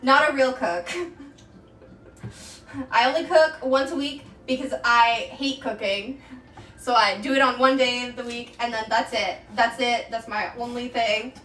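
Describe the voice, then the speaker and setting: A young streamer from Quebec, French being her native language, chats and giggles with viewers in a Québécois accent while she cooks in her home kitchen. Her voice is a little high and sharp in tone, with fairly even intonation and a measured pace. The mic is set at a distance, giving an echoey kitchen sound.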